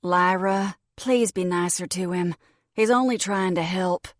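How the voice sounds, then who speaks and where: A woman's voice: on the low side, unhurried, no echo, studio quality, natural voice. A woman voicing a prim, evasive young woman with a Southern accent and a mewling, sweet manner. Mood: sugary. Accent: Southern American.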